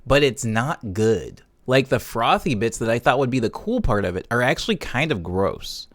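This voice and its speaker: A man's voice: medium pitch, big pitch swings, normal speed, a bit bright. A man casually chatting on a live stream from his home studio while producing music, humming and scatting notes aloud as he works. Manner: chatty, hums and scats chord notes aloud.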